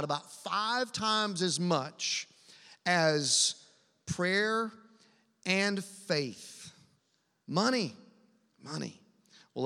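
A man's voice: high voice, pushed and bright, big-room sound. A man preaching a sermon, talking conversationally and emphatically and asking the congregation to answer back. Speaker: pastor.

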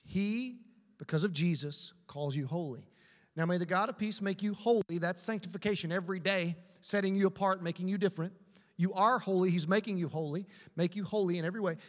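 A man's voice: sits high, brisk, long reverb tail. A man pastor preaching a sermon with emphatic repetition, asking the congregation to answer back. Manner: emphatic, repetitive preaching with call-and-response questions. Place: church auditorium.

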